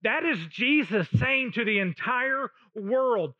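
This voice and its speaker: A man preaching a sermon as a pastor, slow and emphatic, pausing between short phrases. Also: extremely high pitch, expressive, no echo, muffled recording.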